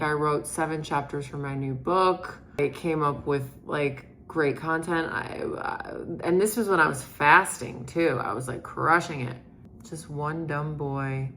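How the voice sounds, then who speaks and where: A woman's voice: low voice, fairly bright tone, a little hiss or hum. A woman chatting casually in a day-in-my-life vlog from her home kitchen, rambling and swearing often as she moves around. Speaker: vlogger, identity coach.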